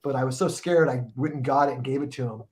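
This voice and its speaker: A man's voice: mid-range voice, quick pace, darkish tone. A middle-aged man telling a long, profane story in a casual podcast chat, rambling and restarting his sentences often. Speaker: guest musician telling a tour story.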